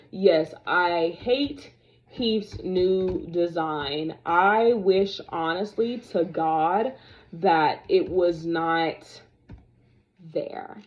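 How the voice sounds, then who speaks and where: A woman's voice: on the low side, extremely slow, highs cut off. Sassy young woman ranting to camera. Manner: animated, sassy, talks straight to viewers. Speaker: vlogger reviewing dolls. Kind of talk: casual opinionated chat to camera.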